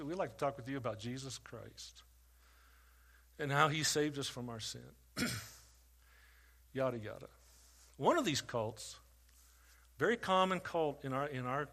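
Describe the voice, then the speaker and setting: Man preaching with loud-quiet swings. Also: mid-range voice, slightly rough. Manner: dynamic preaching, rising loud for questions, dropping quiet for stories. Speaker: pastor. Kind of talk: sermon.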